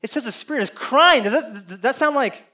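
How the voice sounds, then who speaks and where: A man preaching a sermon, earnest and confessional, swinging between loud appeals and hushed asides. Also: very high voice, animated, brisk. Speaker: pastor.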